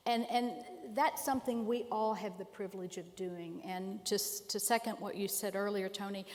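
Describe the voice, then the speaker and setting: A woman's voice: mid-range voice, fairly even intonation, moderate pace, a little mellow. Earnest older woman in a reverberant hall. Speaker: retired law school dean on a panel. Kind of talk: panel discussion on stage. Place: large conference hall.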